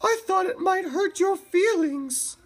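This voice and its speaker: A woman reading aloud puts on a cheery, eager llama lady from a storybook, her voice leaping way up high into a bright sing-song. The calls swoop and ring out loud and lively. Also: takes it slowly, exaggerated voice. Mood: earnest.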